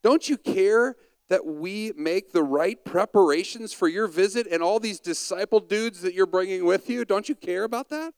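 A frazzled, overworked hostess, as a man puts her on, fires off one indignant complaint after another. The voice sits high and pushed, smooth and clear in a dry, close space. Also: dry recording, rough recording. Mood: exasperated. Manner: rapid-fire exasperated complaining questions.

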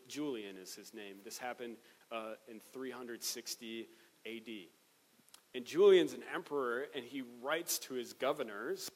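A man's voice: medium pitch, long reverb tail, rough recording. A male pastor giving an earnest, conversational sermon with rising emphatic peaks, recorded in a church sanctuary.

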